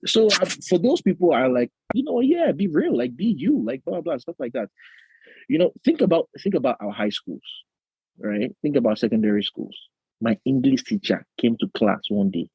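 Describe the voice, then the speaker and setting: Animated Nigerian-accented man, husky voice. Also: mid-range voice, normal speed, no room sound, highs cut off. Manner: animated storyteller, laughing often, slips into Nigerian slang. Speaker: podcast co-host. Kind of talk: casual chat.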